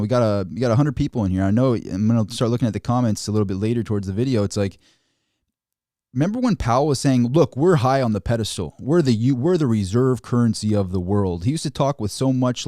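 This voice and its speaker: A man hosting a casual finance livestream, talking in an animated, sarcastic way with frequent restarts. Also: mid-range voice, no room sound, studio quality. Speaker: host of a finance channel. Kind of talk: casual market commentary livestream.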